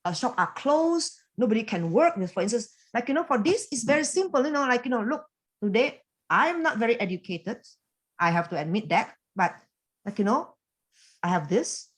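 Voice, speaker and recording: A woman giving a motivational coaching talk over a video call, animated and chatty, full of fillers and quick laughs. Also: on the high side. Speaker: business coach and team leader.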